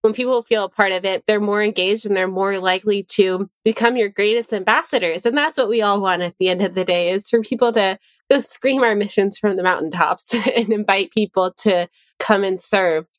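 A woman's voice: mid-range voice, fairly quick, hardly any pauses, dry recording. A woman hosting a podcast interview who affirms her guest before asking the next question. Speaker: podcast host.

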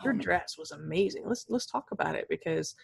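A woman's voice: on the low side, lively intonation, a little fast, creaky, breathy edge, no echo, clean studio sound. A woman podcast host, gushing enthusiastically to her guests. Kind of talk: casual conversation.

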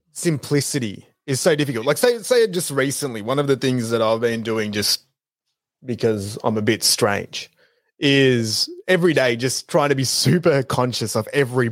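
A man's voice: medium pitch, lively intonation, moderate pace, no echo, studio quality. A man co-hosting a podcast, talking in an easygoing, reflective way. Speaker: podcast co-host. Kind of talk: casual podcast chat.

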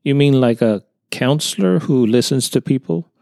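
A man's voice: mid-range voice, normal speed, gravelly, a little mellow, dry recording, studio quality, voice pushed up, natural voice. A man voicing an earnest young contractor who tells his story hesitantly in a storybook reading. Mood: polite. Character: earnest younger male contractor, unsettled by a sighting.

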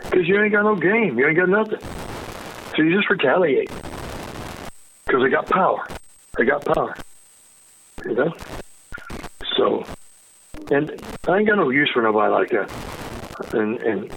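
An older man, a retired undercover agent, talking casually and emphatically, agitated and swearing, with sudden high bursts. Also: expressive, moderate pace, gravelly, long pauses, fairly bright tone, slight background noise, rough recording. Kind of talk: casual conversation.

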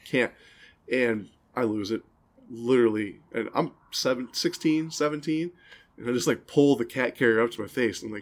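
A podcast co-host with a mid-range voice tells long, rambling stories at a normal speed. He laughs at his own tales throughout the casual chat.

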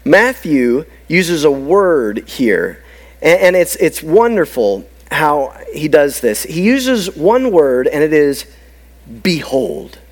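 Expressive male preacher with a lively voice. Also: fairly high pitch, slow. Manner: emphatic, swinging from loud to hushed. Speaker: pastor. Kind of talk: sermon.

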